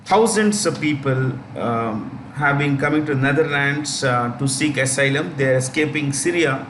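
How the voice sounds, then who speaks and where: Man teaching, slow repeated key names. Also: medium pitch, fairly bright tone. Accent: Indian English. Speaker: exam coaching teacher. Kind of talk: current affairs lesson. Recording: echoey room, faint background noise.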